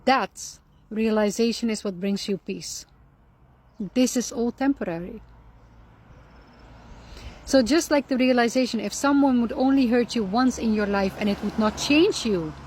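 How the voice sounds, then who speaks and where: A woman giving calm, earnest spiritual advice on anger and forgiveness, repeating her key phrases for emphasis. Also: fairly high pitch, unhurried, pauses often, a little hiss or hum. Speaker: Islamic lifestyle speaker. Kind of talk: reflective spiritual advice talk.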